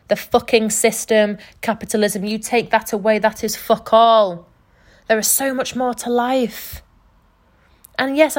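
A young woman talks straight to her podcast listeners in an unscripted motivational monologue. She is earnest and emphatic and swears freely, and her voice sits in an ordinary middle register for a woman. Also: mid-range voice. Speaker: podcast host and life coach.

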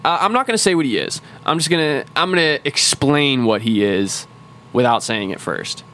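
A podcast co-host explains a game's story at length in casual chat, rambling, swearing a lot and restarting often. His medium-pitched voice is expressive and a bit bright, at normal speed.

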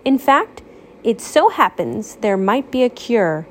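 A woman's voice: fairly high pitch, sing-song, slow, a little hiss or hum. A woman voicing a dramatic, misunderstood male waffle nobleman in a storybook read-aloud, stammering when upset. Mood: haughty.

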